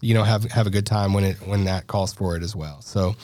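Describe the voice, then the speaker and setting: A man's voice: deep voice, fairly even intonation, a little fast, darkish tone, dry recording. Chatty man co-hosting a podcast. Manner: chatty, laughs often, many fillers and restarts. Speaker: podcast co-host. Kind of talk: casual chat. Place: podcast studio.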